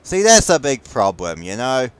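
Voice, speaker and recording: A man's voice: medium pitch, huge pitch swings, moderate pace, clear, resonant tone, no echo. A man with a New Zealand accent giving casual, profane commentary over a war game, grumbling wryly at his teammates. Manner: grumbling, profane, wry running banter. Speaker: gameplay commentator.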